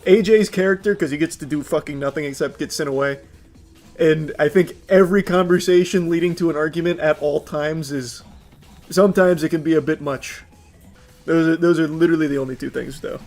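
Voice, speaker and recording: High-voiced young man ranting on stream. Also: fairly quick, faint music behind. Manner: animated, profane, laughing often. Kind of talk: casual livestream rant.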